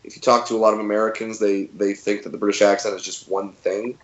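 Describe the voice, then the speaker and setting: A man's voice: lowish voice, level tone, fast, reverberant, lo-fi sound. A man in his thirties, a comedian guest telling stories in a casual interview and acting out quotes in funny voices.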